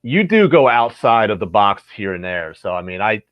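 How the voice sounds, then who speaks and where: A man hosting a casual livestream chat, talking in a friendly, halting way with frequent restarts. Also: lowish voice, big pitch swings, clean tone, dry recording, highs cut off. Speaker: host.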